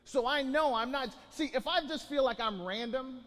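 High-voiced pastor preaching in a reverberant hall. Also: male voice, moderate pace, fairly bright tone. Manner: preaching with rising emphatic bursts and many restarts. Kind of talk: sermon.

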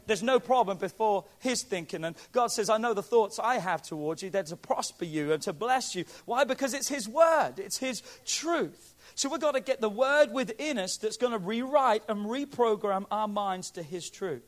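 High-voiced emphatic male preacher. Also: expressive, moderate pace, hardly any pauses. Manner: emphatic preaching, rising to near shouts. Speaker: pastor. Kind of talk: sermon.

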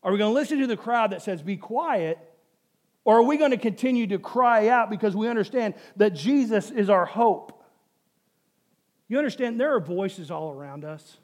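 High-voiced man preaching a sermon. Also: lively intonation, a little fast, a little mellow. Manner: emphatic, repetitive, rhetorical questions to the congregation. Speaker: pastor.

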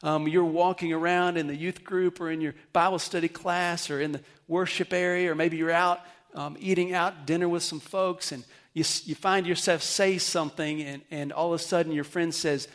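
A man with a high voice preaching to his congregation. He talks earnestly, climbing louder and higher as he urges his listeners, then settles low and quiet. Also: level tone, moderate pace, hardly any pauses. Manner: earnest, rises loud and high when urging, drops soft and low at close. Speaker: pastor. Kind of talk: sermon.

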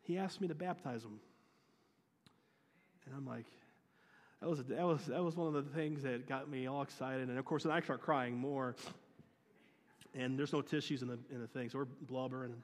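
A man's voice: medium pitch, fairly even intonation, moderate pace, long pauses, long reverb tail. A man, a youth pastor, telling a personal story in an earnest sermon, often restarting and acting out dialogue.

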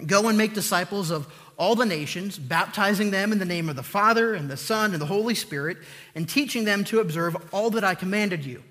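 Male preacher, high bright voice, earnest emphatic delivery, hall reverb. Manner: earnest, emphatic repetition with slow pauses. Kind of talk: sermon.

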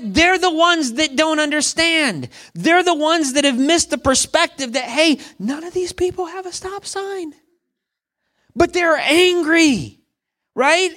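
Animated high-voiced male preacher. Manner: conversational storytelling with frequent "right?" asides. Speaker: pastor. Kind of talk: sermon.

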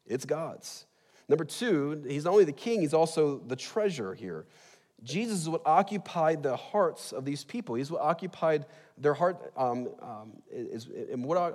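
A middle-aged man, a pastor, preaching a sermon in a lively, conversational way with asides. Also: fairly high pitch. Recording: long reverb in a large hall.

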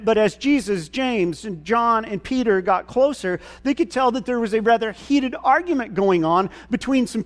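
A man preaching a sermon, retelling a Bible story in a casual, folksy storytelling way. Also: high voice.

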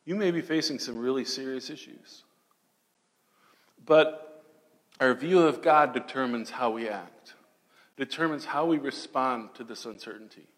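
A man preaching a sermon dramatically, moving between loud declarations and hushed, almost whispered passages. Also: mid-range voice, unhurried, long pauses, big-room sound. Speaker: pastor.

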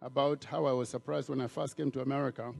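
A man from Africa preaching a sermon in an animated way, repeating words and acting out the voices of people he quotes. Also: medium pitch, fast talker, vocal fry, soft background music.

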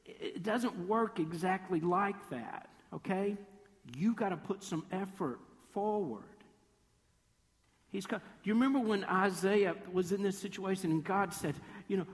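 High-voiced man preaching in a reverberant hall. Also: unhurried. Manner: lively storytelling, acting out quoted voices; playfully sarcastic. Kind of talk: sermon. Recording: long reverb of a large hall.

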